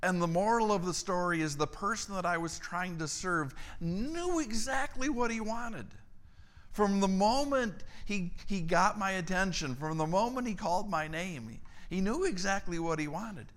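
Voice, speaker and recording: A middle-aged man preaching a storytelling sermon, acting out the dialogue in his tale with lively energy. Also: high-pitched, normal speed. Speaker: church staff member preaching.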